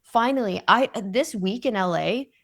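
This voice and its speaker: Woman with a gravelly voice telling her story. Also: mid-range voice, lively intonation, a little slow, fairly bright tone. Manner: candid, emotional, conversational. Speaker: podcast host. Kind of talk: personal storytelling monologue.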